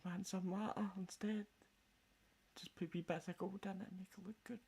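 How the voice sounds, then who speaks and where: A man's voice: high voice, little pitch movement, fairly quick, gravelly, mellow, husky. A Scottish man in a casual, rambling chat full of jokes and swearing. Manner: jokey, rambling, swears a lot. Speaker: vlogger.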